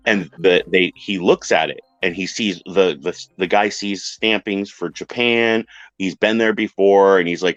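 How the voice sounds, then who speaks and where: Deep-voiced guy telling a weird story on a podcast, acts out the people, dry muffled audio. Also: moderate pace, dry recording, faint music behind. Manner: animated retelling, acts out quoted voices. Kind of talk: casual storytelling on a podcast panel.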